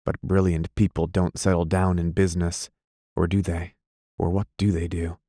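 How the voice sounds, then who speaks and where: A man's voice: fairly low pitch, expressive, dry recording, clean studio sound. A man voicing a cool, weary young wife. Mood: wistful. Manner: quiet, cool and measured.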